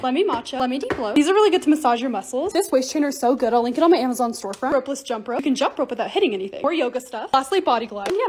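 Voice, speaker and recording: A woman's voice: high-pitched, slight background noise. A young woman narrating her home projects and shopping hauls in a chatty, bubbly vlog voice-over. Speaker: lifestyle vlogger.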